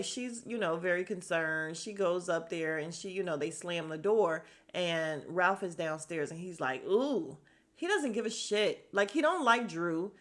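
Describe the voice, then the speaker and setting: Woman podcast host, chatty gossip recap with animated quoting. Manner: animated storytelling, acts out quotes with pitch jumps. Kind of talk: casual chat. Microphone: podcast mic.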